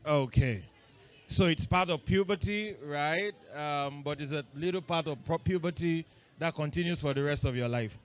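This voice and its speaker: A man with a fairly high voice runs a lively session for boys. He keeps firing short questions at the kids, teasing them playfully as he goes. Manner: playful, quizzing the audience with quick questions. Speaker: workshop leader talking to boys. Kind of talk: interactive talk with children.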